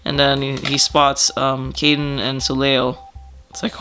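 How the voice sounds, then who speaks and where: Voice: medium pitch, level tone, a little slow, sharp tone, faint music behind. An artist casually flipping through a sketchbook, rambling, swearing, laughing often and trailing off, with a slightly stuffy nose.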